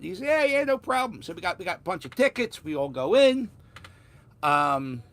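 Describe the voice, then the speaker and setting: A vlogger from Philadelphia, with a Philadelphia accent, tells a story in a fairly high, fairly bright voice. His casual delivery rambles, with restarts and the occasional swear word.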